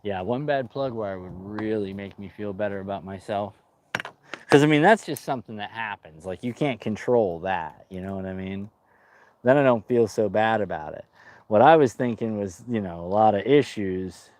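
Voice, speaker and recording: A man's voice: lowish voice, moderate pace, darkish tone. A man talking casually to his viewers while working on his boat outdoors, rambling and joking, calling them dude. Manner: chatty, rambling, says dude a lot. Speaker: boat restoration vlogger.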